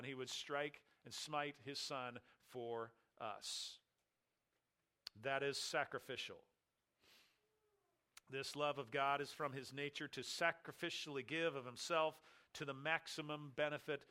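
A man's voice: mid-range voice, steady tone, unhurried, bright, forceful tone, smooth. A male pastor preaching an expository sermon, emphatic, repeating key phrases and asking and answering his own rhetorical questions.

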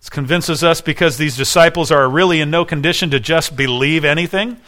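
Um homem pregando um sermão com fervor, fazendo perguntas retóricas à congregação. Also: male voice, a little high, brisk, sharp tone. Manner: earnest preaching with rhetorical questions. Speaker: pastor. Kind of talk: sermon.

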